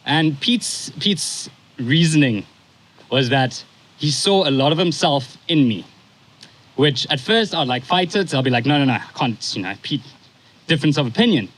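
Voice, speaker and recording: A young man in his twenties giving a eulogy for his stepfather, telling a story in a casual, halting way and pausing at times to compose himself. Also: a little high, lively intonation, a bit bright, low-quality recording.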